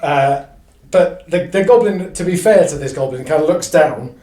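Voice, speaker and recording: A man running a live tabletop game as game master, narrating in halting bursts with lots of fillers and restarts. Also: a little high, dark tone, echoey room, far from the mic.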